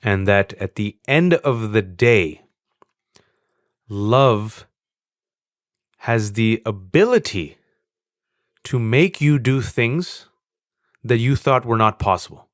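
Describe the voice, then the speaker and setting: A man in his forties, a podcast guest, talking candidly as an animated storyteller, earnest and self-mocking. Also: on the low side, slow, long pauses, no echo, clean studio sound. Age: 40s. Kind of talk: candid conversational interview.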